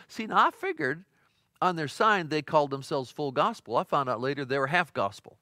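A middle-aged pastor preaching a midweek sermon in a folksy, conversational storytelling way, with frequent fillers and restarts. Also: male voice, fairly high pitch, animated, fairly quick, pushed and bright, dry recording, studio quality. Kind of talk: sermon teaching.

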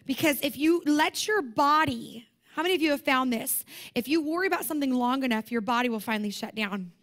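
This young woman's voice is high-pitched, expressive, brisk, and a bit bright. Speaking at a conference, she delivers a sermon to the room with passion and a conversational feel, going back over her points repeatedly.

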